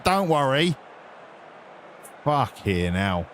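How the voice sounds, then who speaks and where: A man's voice: mid-range voice, big pitch swings, slow pace, long pauses, a bit bright, a little hiss or hum. An English man hosting a stream, chatting in a sarcastic, sweary, ranting way. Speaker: stream host. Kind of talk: casual chat.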